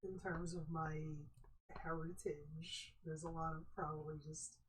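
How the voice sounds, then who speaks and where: Young woman telling animated stories. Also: sits low, measured pace, poor audio. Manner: animated storytelling, mimics voices. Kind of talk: casual chat.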